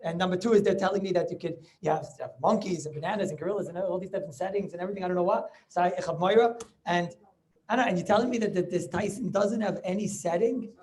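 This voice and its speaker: Over a video call microphone, a middle-aged rabbi leads an informal class, halting and restarting often and chuckling as he trades banter with his students. His voice is high with a darkish tone.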